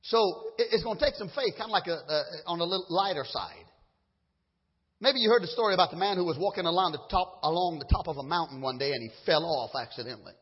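A man delivers an impassioned sermon in a high, husky voice, dropping to low murmurs and then rising to loud cries. His words often stumble and restart. The recording is dull and lo-fi, with a long reverb from a large hall. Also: lively intonation, fast. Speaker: preacher.

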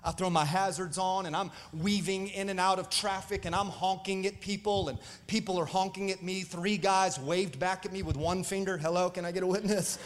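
Pastor guy, pretty high voice, telling stories to the church, asks the crowd for a witness, big echoey room. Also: normal speed, hardly any pauses. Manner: animated, calls out to the congregation. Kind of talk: storytelling sermon.

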